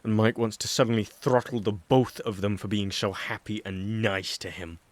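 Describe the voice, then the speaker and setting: A man narrating an audiobook, reading a chapter of fan fiction in a steady, even storytelling manner. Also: on the low side, moderate pace, no echo.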